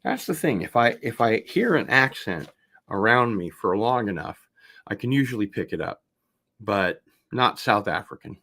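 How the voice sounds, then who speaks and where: A man hosting a casual unboxing video, chatting in a relaxed, rambling way and getting excited about vinyl records. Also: lowish voice, normal speed. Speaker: host.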